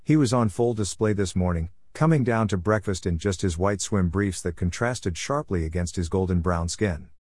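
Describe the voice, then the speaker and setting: A man reading a first-person story in a steady, even way. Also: deep voice, moderate pace, hardly any pauses, no room sound, clean studio sound. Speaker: narrator.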